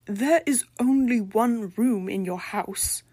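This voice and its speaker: A woman's voice: medium pitch, normal speed, no echo, lightly acted. A woman voicing the prim, haughty spirit of an old-fashioned lady from a bog body, speaking with formal, peevish diction in a storybook reading. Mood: dismayed.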